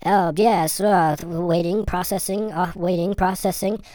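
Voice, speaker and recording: A man putting on the voice of a nervous male customer who narrates everything he does, halting and full of fillers. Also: sits high, fairly even intonation, darkish tone, dry recording, clean studio sound, pitched above the performer's own voice. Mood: fussy.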